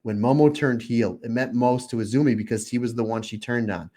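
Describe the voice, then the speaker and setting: Man, podcast co-host, casual chat, excited, emotional, acts out his own reactions, voice of ordinary height. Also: mid-range voice, brisk. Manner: openly emotional.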